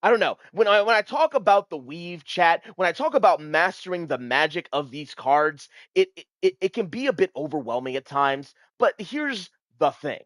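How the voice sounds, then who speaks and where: A male streamer talks straight to his chat, hyped and swearing freely, his pitch leaping up and crashing down as he riffs. The sound is close and dry with no room around it. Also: moderate pace, few pauses, no echo. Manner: animated, hyped and profane, talking to chat. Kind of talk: casual card-game commentary.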